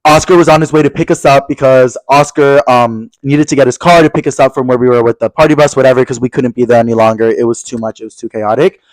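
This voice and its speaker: A young man co-hosting a podcast, telling a story in casual chat, animated and swearing a lot as he acts out angry quotes. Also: medium pitch, fast talker, hardly any pauses, dry recording, rough recording. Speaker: podcast co-host.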